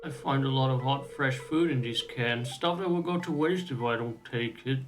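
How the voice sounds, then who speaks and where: A man voicing a humble man who lives in the wild in a video game, calm and earnest. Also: mid-range voice, moderate pace, faint music behind, lightly acted, poor audio.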